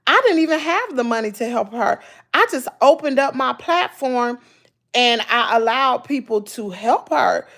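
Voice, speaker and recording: A Southern woman talking casually to her live chat, with a somewhat high voice that has a gravelly edge. She is folksy and animated and drives her points home by saying them again and again. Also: unhurried. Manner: animated, folksy and preachy, repeating herself for emphasis.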